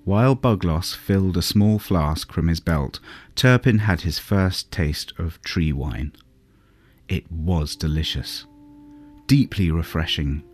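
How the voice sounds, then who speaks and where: A man narrating a fairy tale in a calm, measured storybook reading. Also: sits low. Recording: soft music underneath.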